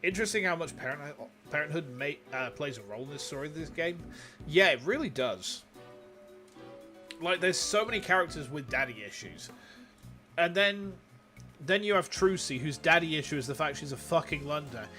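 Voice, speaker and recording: Lively joking Yorkshire streamer. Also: male voice, a little high, moderate pace. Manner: animated, crude, joking. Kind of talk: game stream commentary. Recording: game music underneath. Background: game music.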